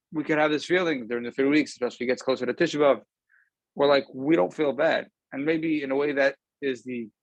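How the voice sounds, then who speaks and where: Over a video call, a rabbi gives an informal Torah talk in a conversational way, pausing often with ums. His ordinary middle-pitched voice sounds dry and close, picked up by the call's camera mic in a dry, rough recording.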